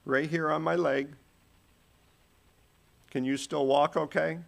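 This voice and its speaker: A man's voice: on the high side, level tone, takes it slowly, creaky. A man preaching a sermon, telling stories with shifting volume and pace.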